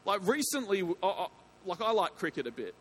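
A man preaching in a church, his voice sitting high for a man. He talks in a chatty, jokey way, cutting himself off and then pushing hard on key words. A faint hum runs under the recording. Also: very animated, a little fast, a bit bright. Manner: chatty, jokey, self-interrupting, bursts of emphasis. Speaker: pastor. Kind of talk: evening sermon. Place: church hall.

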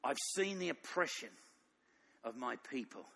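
A man voicing God the Father as a calm, commanding figure, speaking low, hushed and grave. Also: measured pace, creaky, breathy edge, exaggerated voice. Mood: solemn. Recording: long echoing hall reverb.

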